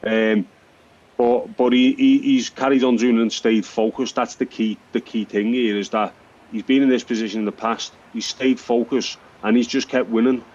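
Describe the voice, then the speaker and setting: A former boxer acting as a radio pundit, speaking in a halting, thoughtful way with many restarts. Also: male voice, mid-range voice, fairly even intonation, darkish tone. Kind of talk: radio sports chat. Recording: dull broadcast audio.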